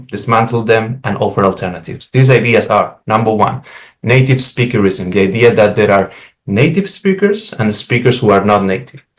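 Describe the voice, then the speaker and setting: A man co-hosting a talk show, explaining and arguing his points in a measured, lecturing way. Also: lowish voice. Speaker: podcast host and co-author. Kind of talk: explanatory monologue.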